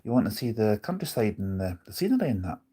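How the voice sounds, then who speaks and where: A man's voice: on the low side, sing-song, fast talker, dark tone, breathy edge. A man live streaming from on board a bus, chatting casually, rambling with his opinions and reading out viewer comments.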